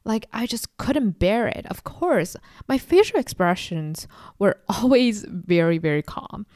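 A woman's voice: mid-range voice, animated, unhurried, a little mellow, no echo, studio quality. A woman in her twenties hosting a solo podcast, talking in a reflective, confiding way and sometimes mimicking people sarcastically. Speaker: podcast host.

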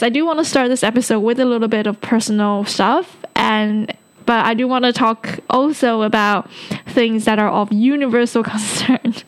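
Giggly, rambling woman podcast host. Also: on the high side. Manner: rambling, giggly, with frequent ums. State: a little tipsy. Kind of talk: casual solo podcast monologue.

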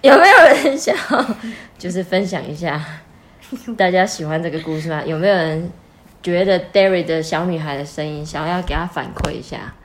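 A woman's voice: fairly low pitch, expressive, a little fast. A woman from Taiwan hosting a casual bilingual chat, cheerful and giggly. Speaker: host.

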